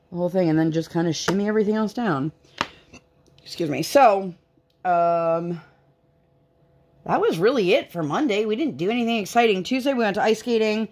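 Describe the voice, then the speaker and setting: Chatty woman with a lowish voice. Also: animated, moderate pace, a little mellow. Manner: chatty, rambling with many fillers. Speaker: vlogger. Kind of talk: casual chat while crafting.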